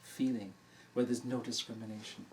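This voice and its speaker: An older man, a dharma teacher, telling a personal story to an audience in a relaxed, anecdotal way and laughing at his own tale. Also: fairly low pitch, moderate pace. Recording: distant mic in a room with faint noise.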